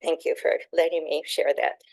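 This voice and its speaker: An older woman with a low, gravelly voice reads a passage from her own book. She sounds earnest and moved, and often stops to restart a phrase. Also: fairly even intonation, no echo, poor audio. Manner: earnest, emotional, halting with restarts. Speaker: author speaking at a meeting. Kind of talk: reading aloud from her book.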